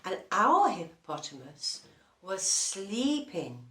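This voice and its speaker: A woman telling a children's story, slow and lively, asking the listeners questions. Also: medium pitch. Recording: roomy echo.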